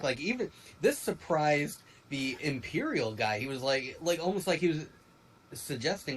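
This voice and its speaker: A man co-hosting a casual fan review chat, rambling and animated with quick asides. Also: on the high side, a little hiss or hum, low-quality recording. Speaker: podcast co-host.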